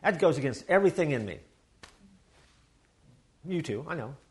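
A man with a fairly high voice delivers a casual, animated sermon, full of quick asides and little acted-out quotes. His talk drifts between loud bursts and soft, slower stretches. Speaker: pastor.

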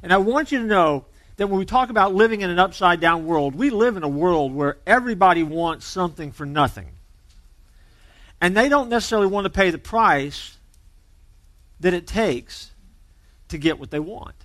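A man's voice: high-pitched, animated, moderate pace, fairly bright tone, no echo. A man preaching a sermon as pastor, conversational and joking as he tells a story.

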